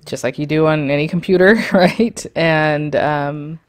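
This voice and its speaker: A woman hosting an embroidery tutorial, walking through software on her screen in a chatty, rambling way with lots of fillers and small laughs. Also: deep voice, fairly even intonation, a little slow. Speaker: sewing and embroidery tutorial host. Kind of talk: casual screen-share tutorial.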